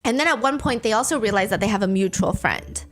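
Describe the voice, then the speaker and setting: A woman hosting a podcast, recapping a story in a casual, animated and sarcastic way, with the odd swear word. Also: mid-range voice, fast talker. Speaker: podcast host.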